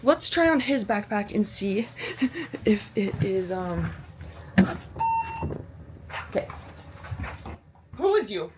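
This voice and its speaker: A woman's voice: mid-range voice, sing-song, slow pace, pauses often, noisy background. A woman vlogging in a casual, rambling way, bubbly and self-deprecating, swearing freely and using a lot of slang. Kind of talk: casual chatty vlog.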